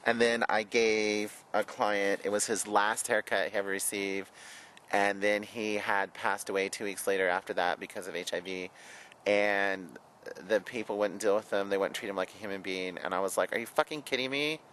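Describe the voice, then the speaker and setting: A man's voice: on the low side, little pitch movement, normal speed, fairly bright tone, slight background noise, low-quality recording. A hairdresser reminiscing frankly as he shows old photos and papers, a chatty, outspoken man who swears freely and talks flamboyantly. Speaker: hairdresser and vlogger. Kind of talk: candid personal reminiscing.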